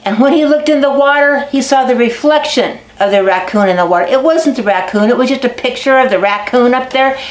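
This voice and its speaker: A woman telling animal folk tales to children, lively and dramatic, stretching words for effect. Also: high voice, fairly quick, hardly any pauses. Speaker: storyteller. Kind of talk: storytelling to children. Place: basket making barn. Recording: echoey barn recording.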